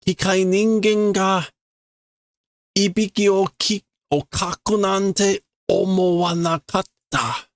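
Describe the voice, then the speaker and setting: A man voicing a fretful, exasperated young boy from a comic, reading his lines slowly and carefully. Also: sits high, steady tone, no echo, clean studio sound, voice pushed up.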